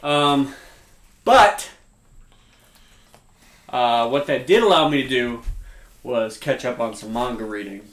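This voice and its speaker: A man's voice: mid-range voice, takes it slowly, pauses often, a bit bright. A young man co-hosting a casual live stream, laid-back and handing out practical pointers. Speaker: streamer co-host. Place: studio room being painted. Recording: roomy echo.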